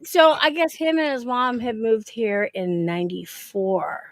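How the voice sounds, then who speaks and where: A woman's voice: fairly high pitch, sing-song, unhurried. A middle-aged woman telling stories in casual chat, laughing often and swearing freely.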